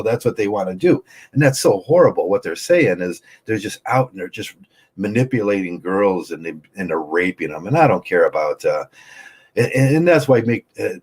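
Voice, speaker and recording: A man in his sixties talking in a rambling, argumentative, unscripted monologue, halting often. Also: deep voice, breathy edge. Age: 60s. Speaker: vlogger.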